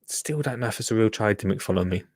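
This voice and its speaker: A man hosts a casual livestream, talking rapid-fire and joking as he reacts to a gardening show against a noisy background. He often restarts sentences and coos to his plants in a high, sing-song voice.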